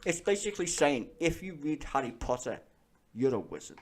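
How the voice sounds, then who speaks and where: A man telling stories in casual chat, animated and full of swearing and laughter. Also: a little high, normal speed, slight background noise.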